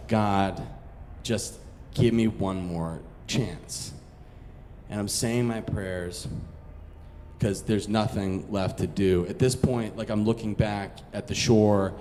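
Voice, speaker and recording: A man's voice: on the low side, darkish tone, big-room sound, slight background noise. A man from Massachusetts telling a story on stage in a casual, profane, self-mocking way. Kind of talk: live storytelling.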